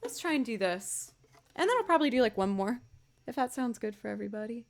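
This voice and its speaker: A woman musician chatting casually with viewers on a livestream, bubbly and quick to thank them. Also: a little high, animated. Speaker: musician streamer.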